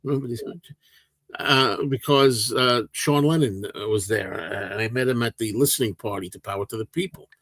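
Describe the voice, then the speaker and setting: A man's voice: medium pitch, normal speed, fairly bright tone, no echo. An older man hosting a livestream, chatting casually and rambling through viewer questions with lots of restarts. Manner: rambling, with frequent restarts and fillers. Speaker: livestream host.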